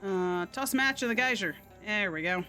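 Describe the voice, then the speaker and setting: A woman's voice: mid-range voice, expressive, moderate pace, sharp tone, soft background music. A woman streaming a video game live, chatting and muttering to herself with a casual, loose delivery.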